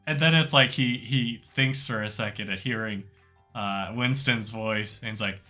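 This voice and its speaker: A man's voice: mid-range voice, fairly even intonation, normal speed, sharp tone, faint music behind. A man narrating as game master in an improvised tabletop game, talking loosely with lots of fillers.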